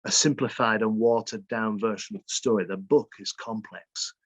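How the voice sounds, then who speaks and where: Telling stories during an interview, this English author speaks with a blended Salford and Bolton northern accent and mimics dialect phrases. His voice is lowish and a bit bright, with fairly even intonation at a normal speed, recorded without echo.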